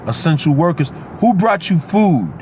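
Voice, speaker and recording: Animated middle-aged man on a noisy street. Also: fairly high pitch, normal speed. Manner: animated, emphatic, slangy. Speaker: actor. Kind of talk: casual street vlog rant. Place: outdoors on a street near traffic. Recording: noisy street recording with traffic.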